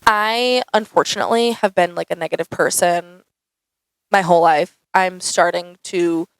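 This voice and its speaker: A woman's voice: on the low side, normal speed, clean tone, dry recording, rough recording. A young woman answering viewer questions in a casual, chatty vlog, saying "like" a lot. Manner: chatty, says "like" often, animated. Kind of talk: casual Q&A chat. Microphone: camera mic.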